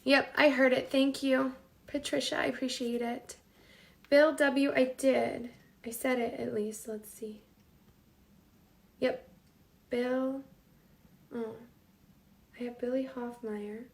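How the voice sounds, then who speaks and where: A woman with a bright, high voice hosts a live cooking stream from her home kitchen. She chats loosely with viewers, reads their names aloud and talks to herself as she works. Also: little pitch movement, slow, gravelly, pauses often. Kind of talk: casual live-stream chat while cooking.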